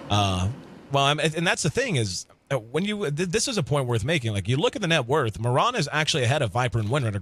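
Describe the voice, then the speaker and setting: A man commentating a live video game match at a middle pitch, chatty and easygoing. He breaks down the play while thinking out loud, with a faint hum of room sound behind him. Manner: conversational, thinks aloud with fillers, laughs easily. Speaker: esports commentator.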